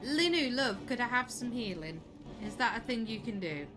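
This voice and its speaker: A woman's voice: on the high side, animated, normal speed. A young woman chatting casually and laughing easily while she plays and comments on a video game. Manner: chatty, giggly, exclaims at the game. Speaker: game streamer. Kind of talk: casual live gameplay commentary. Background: game music.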